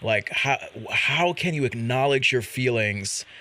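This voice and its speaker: A man's voice: mid-range voice, lively intonation, a little slow, pushed and bright. A man hosting a talk show, asking thoughtful, searching questions in a casual chat. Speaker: show host.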